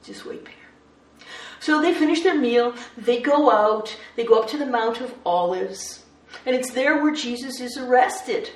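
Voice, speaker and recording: A woman preaching a sermon, her voice fairly high, moving between hushed moments and lively storytelling. The recording is echoey and distant, like a mic set back in a room. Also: moderate pace. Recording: roomy echo, distant mic.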